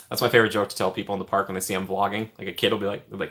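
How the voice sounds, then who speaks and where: Speaking very fast in a lowish voice, a young man casually fields viewer questions on his live stream. He laughs a lot, and his words frequently fade to a quiet mumble as he finishes an idea.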